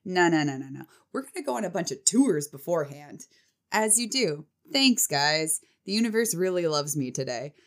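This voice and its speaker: Animated self-mocking woman storyteller. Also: fairly low pitch, moderate pace. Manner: rambling with restarts and fillers. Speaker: vlogger. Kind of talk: casual storytelling.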